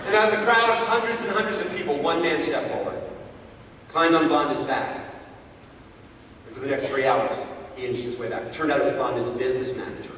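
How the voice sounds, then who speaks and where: A man giving an animated talk to a live audience, telling a story and repeating words, in an echoey hall heard from far off. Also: fairly high pitch, brisk, background noise. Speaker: guest speaker.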